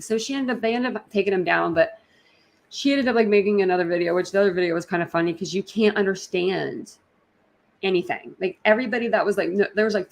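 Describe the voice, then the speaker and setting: A woman hosting a casual livestream, talking in a rambling way with lots of fillers and quick laughs. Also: medium pitch, vocal fry. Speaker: livestream host.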